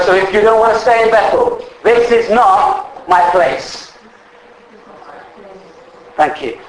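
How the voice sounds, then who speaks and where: A man's voice: high voice, reverberant, slight background noise, rough recording. A man preaching a sermon in a church, exhorting his congregation with repeated rhetorical emphasis.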